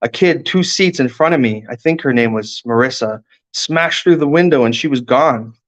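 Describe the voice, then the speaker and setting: A man, an author, reading his own first-person fiction aloud in a steady storytelling manner. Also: mid-range voice, moderate pace. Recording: dull lo-fi recording.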